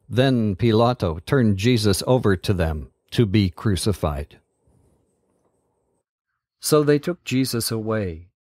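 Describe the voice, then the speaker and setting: A man hosting a Bible podcast, reading scripture in a measured, deliberate way. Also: mid-range voice, a little mellow, dry recording, clean studio sound.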